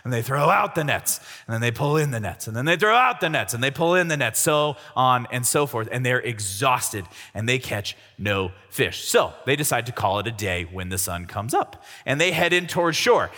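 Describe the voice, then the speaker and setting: A man's voice: mid-range voice, expressive, moderate pace, hardly any pauses, bright, forceful tone. A young man telling a Bible story as a comic youth sermon, jokey and slangy. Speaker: youth speaker. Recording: reverberant hall.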